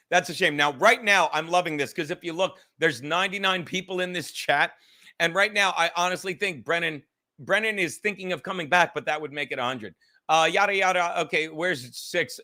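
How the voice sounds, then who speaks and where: A man's voice: fairly high pitch, sharp tone. A man hosting a livestream podcast, chatting casually with viewers in a rambling, joking, profane way.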